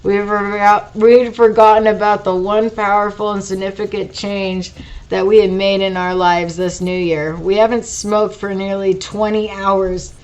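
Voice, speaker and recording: A woman's voice: medium pitch, flat delivery, unhurried, rough recording. A woman reading a first-person audiobook aloud, with profane, wry, casual asides. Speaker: audiobook reader.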